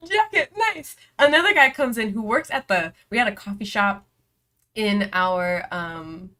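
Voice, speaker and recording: A young woman hosts a reading vlog, chatting casually into the camera as a story spills out of her. She rambles along with plenty of fillers and keeps breaking into giggles. Her voice sits at an ordinary middle pitch. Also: unhurried, bright, forceful tone. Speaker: book vlogger hosting reading sprints.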